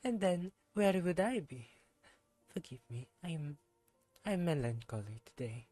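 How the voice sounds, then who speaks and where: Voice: mid-range voice, expressive, a little slow, mellow, dry recording, soft background music, poor audio. A streamer reading game dialogue in a put-on French accent as a melancholy, pious scholar, formal and mournful.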